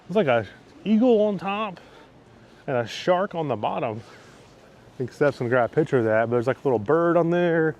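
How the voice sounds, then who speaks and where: A travel vlogger hosts a casual video outdoors in a port town, enthusiastic and upbeat and full of superlatives. His voice is a little high and slightly mellow, with lively intonation, a normal speed and long pauses, and the highs are cut off.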